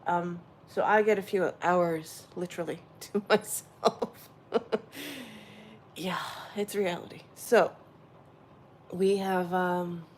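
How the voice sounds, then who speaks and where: A woman hosting a casual spiritual livestream, rambling warmly and answering her viewers' chat directly. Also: fairly low pitch, fairly even intonation, slow pace, pauses often, a little hiss or hum. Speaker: livestream host.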